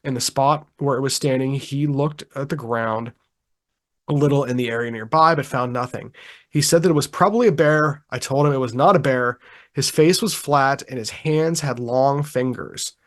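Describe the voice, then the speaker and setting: A man co-hosting a podcast in casual chat, reading a witness account aloud in a relaxed, chuckling way with frequent ums and restarts. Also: medium pitch, moderate pace. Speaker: podcast co-host.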